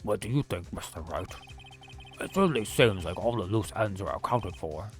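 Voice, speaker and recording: A man voicing a flustered elderly male judge in slow, measured courtroom tones. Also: lowish voice, expressive, faint music behind, close to an everyday voice.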